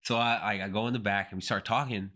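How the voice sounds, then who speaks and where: Young man, lowish pitch, bright forceful tone; casual interview guest spinning slangy stories. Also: steady tone, fast talker. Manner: laid-back slangy storytelling, acts out quotes. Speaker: pro skater and DJ guest.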